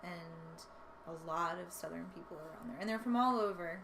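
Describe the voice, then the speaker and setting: A woman's voice: on the low side, a little fast, vocal fry. A young woman musician guesting on a casual chat, laid-back with dry humor. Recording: noticeable background noise.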